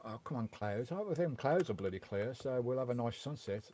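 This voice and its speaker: A man's voice: medium pitch, lively intonation, moderate pace, background noise. A man chatting casually on a live stream from his campervan, reading out chat messages in a rambling way with mild swearing. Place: parked in a campervan.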